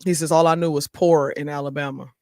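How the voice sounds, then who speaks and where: A man's voice: fairly high pitch, flat delivery, a little fast, warm tone, dry recording. Chatty male talk show host, dry sound. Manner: chatty, laughs often, talks to viewers directly. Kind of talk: casual chat, reading viewer comments aloud.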